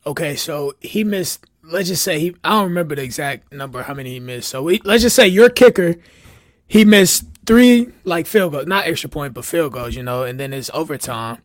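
A man with a somewhat high voice talks football in loose, teasing banter. He laughs easily and keeps throwing questions at his co-host. The sound is close and dry, with no room in it. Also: lively intonation, normal speed, dry recording. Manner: playful, laughs often, poses questions. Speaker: podcast co-host. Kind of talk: casual sports chat.

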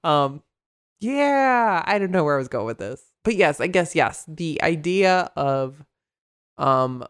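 A woman's voice: deep voice, lively intonation, takes it slowly, smooth. A woman therapist co-hosting a casual podcast chat, rambling into tangents and laughing often.

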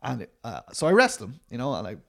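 A middle-aged man with a gravelly, creaky voice talks through his work as a documentary filmmaker. He rambles and restarts often, stacking fillers as he thinks aloud. His tone stays self-deprecating. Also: mid-range voice, wildly swooping pitch, fast talker, fairly bright tone. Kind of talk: conversational interview answers.

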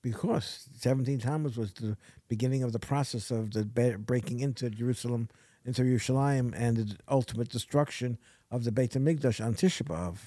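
A man in casual podcast talk, rambling and halting with many restarts. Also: medium pitch, warm tone, dry recording.

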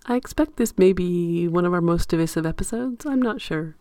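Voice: mid-range voice, animated, a little fast, dark tone, dry recording. A podcast co-host in casual chat, mostly agreeing with short replies and brief comments.

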